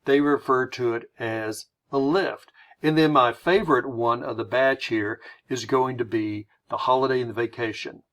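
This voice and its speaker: A man's voice: mid-range voice, moderate pace, few pauses, fairly bright tone. An American man giving a recorded lesson in a conversational way, explaining his points with everyday examples. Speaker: teacher.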